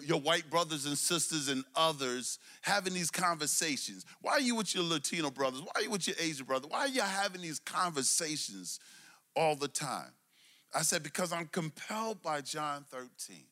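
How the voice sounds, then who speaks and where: A middle-aged man from Brooklyn, preaching a sermon with call-and-response, swinging between loud emphasis and low asides. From Brooklyn, New York. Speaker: pastor.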